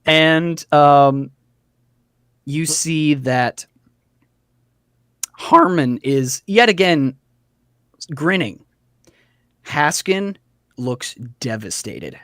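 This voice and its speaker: A man's voice: on the high side, expressive, drawn-out words, pauses often, a bit bright, smooth, no room sound, studio quality. Chatty man narrating as game master. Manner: loose, chatty narration with many fillers.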